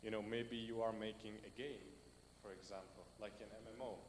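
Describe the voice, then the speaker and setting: A man speaking at a tech meetup presents and takes audience questions loosely and conversationally, with many fillers and a habit of building lists, all while losing his voice. His voice is on the low side with fairly even intonation and a slightly fast pace. The meetup hall adds reverb, with faint noise in the recording.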